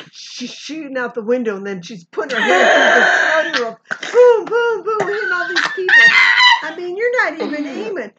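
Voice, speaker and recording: A woman in casual chat about a film, sarcastic and swearing freely, mocking scenes with exaggerated sound effects. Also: high-pitched. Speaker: co-host reviewing a film. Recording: dull lo-fi recording with background noise.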